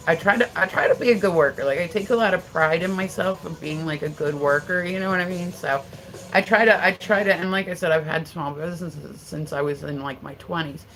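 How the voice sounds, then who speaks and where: A woman's voice: low-pitched, a bit bright, rough recording. A middle-aged woman chatting casually on a livestream, rambling and swearing as she answers viewer comments. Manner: rambling, profane storytelling. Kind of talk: casual live-stream chat.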